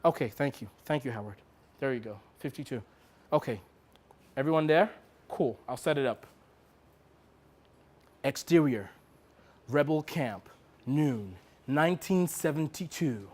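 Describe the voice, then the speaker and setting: A man from Nigeria performing a theatrical solo story, moving between quick asides and slow dramatic reading. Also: medium pitch, animated, darkish tone, breathy edge.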